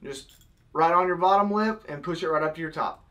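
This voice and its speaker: A man's voice: a little high, a little fast, sharp tone. A young man casually teaching, step by step, how to blow a goose call. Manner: step-by-step, demonstrating with vocal honk sounds.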